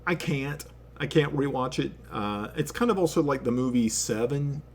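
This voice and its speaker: A man telling a story casually to friends on a stream. His voice sits at a medium pitch, and he tells it in an animated, emphatic way. He swears freely as he talks. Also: normal speed. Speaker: stream host. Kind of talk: casual chat.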